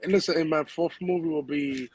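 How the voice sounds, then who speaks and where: A man's voice: fairly high pitch, steady tone, fairly quick, a little mellow, slight background noise. A man on a casual panel chat, blunt and restarting his sentences.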